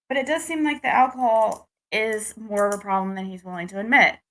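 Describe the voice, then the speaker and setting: Bright-voiced woman venting about dating. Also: a little high, normal speed. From United States. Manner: rambling, restarts, frustrated venting. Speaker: vlogger. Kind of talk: casual personal story to camera.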